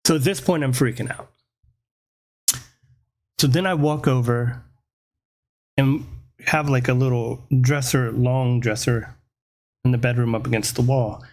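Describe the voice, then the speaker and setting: A man telling a personal story in a casual, animated way, swearing freely and often checking in with "right?". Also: medium pitch, measured pace, long pauses. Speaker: podcast host.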